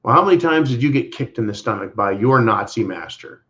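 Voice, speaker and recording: A man's voice: mid-range voice, animated, a little fast, a bit bright. A man co-hosting a livestream, giving casual political commentary in an emphatic, repetitive way and speaking to viewers as "folks". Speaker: livestream co-host. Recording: dull lo-fi livestream audio.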